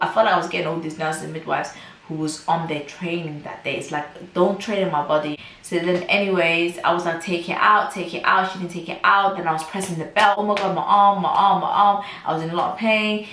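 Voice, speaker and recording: A woman's voice: deep voice, fairly bright tone, a little hiss or hum. A young woman recounting a personal storytime in an emphatic, repetitive way. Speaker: vlogger. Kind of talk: storytime vlog. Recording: roomy, from a distance.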